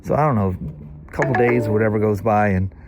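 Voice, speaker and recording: A man's voice: on the low side, quick pace, music in the background. A man in his sixties with a Southern US accent, telling a long, rambling story in casual vlog chat, full of "you know" and "anyway". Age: 60s. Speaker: vlogger.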